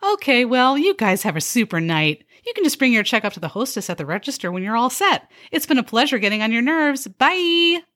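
A woman playing a chirpy, sarcastic young restaurant server who mixes bubbly upselling patter with deadpan jabs. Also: a little high, brisk, few pauses, pitched above the performer's own voice. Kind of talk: comedy skit.

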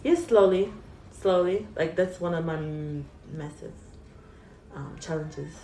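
A woman guest giving an earnest, halting faith testimony in an interview. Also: deep voice, mellow. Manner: earnest, halting, tearful at times. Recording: roomy, distant, faint hiss.

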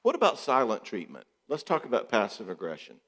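Middle-aged man, psychologist, lowish voice, animated and emphatic, reverberant room. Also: brisk. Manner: animated, acts out quotes in voices, rhetorical questions, repeats for emphasis. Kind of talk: casual talk on relationships.

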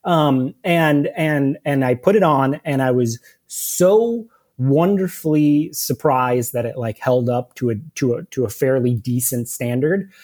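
A man's voice: medium pitch, unhurried, few pauses, darkish tone. Rambling man in casual chat. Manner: rambling, many restarts and repeated words. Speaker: podcast co-host.

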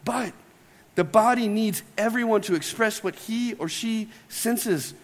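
A pastor with a high voice delivers a chatty, lively sermon, bantering with his congregation between points. His voice rings out with a long reverb from the church hall around him. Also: a little slow. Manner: conversational, playful asides to the congregation. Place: church sanctuary.

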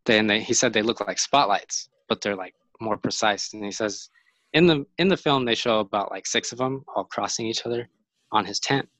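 A man's voice: fairly low pitch, normal speed, a bit bright, no echo, rough recording. A man casually retelling a camping story, rambling with many fillers and restarts.

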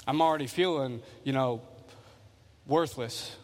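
A male preacher voicing a discouraged churchgoer who feels worthless, speaking in a hesitant, halting way. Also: medium pitch, long reverb tail, voice pushed down, lightly acted. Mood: dejected.

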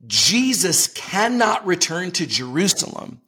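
A man with a husky, slightly high voice speaks with earnest conviction. He talks like a preacher in conversation and presses his points with scripture and emphasis. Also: sing-song, a little slow, sharp tone. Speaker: ministry leader, interview guest.

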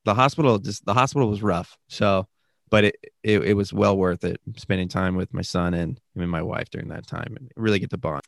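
A young man telling a story in a casual podcast chat, animated and rambling with many fillers. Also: sits low, fairly quick, creaky, no room sound, studio quality. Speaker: podcast guest, new father.

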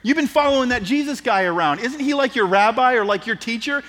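A man voicing a pushy seventh-grade schoolgirl with a Southern accent in a high put-on voice. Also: lively intonation, fairly quick. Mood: pushy, prying. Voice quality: high, bright put-on girl's voice. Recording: long reverb in an auditorium.

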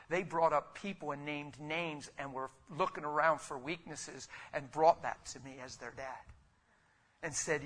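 A middle-aged man preaching a sermon with fervor, dropping low and then rising into loud, emphatic bursts. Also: fairly even intonation, normal speed. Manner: fervent, swinging from quiet to loud emphatic bursts.

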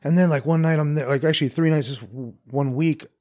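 A man's voice: fairly high pitch, fairly quick, a little mellow. A man guest on a podcast, chatting casually and rambling through stories, saying "dude" and "like" a lot. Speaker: podcast guest, jiu-jitsu competitor. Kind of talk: casual chat.

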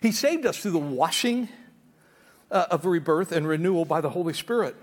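High-voiced emphatic male preacher. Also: expressive, moderate pace, long reverb tail. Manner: emphatic, conversational, stammers on restarts. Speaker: pastor. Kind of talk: sermon.

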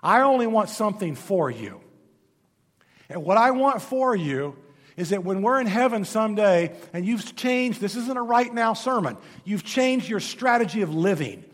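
A male pastor preaching a sermon and telling stories, moving between loud emphatic lines and hushed, low passages. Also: lively intonation, moderate pace. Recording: long hall reverb.

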